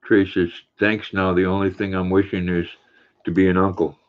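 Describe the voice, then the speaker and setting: A man's voice: low-pitched, level tone, moderate pace. An older man hosting a livestream, reading viewer chat aloud in a folksy, chatty way. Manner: folksy, warm with his dog, chatty. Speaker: livestream host. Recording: tinny phone-like sound.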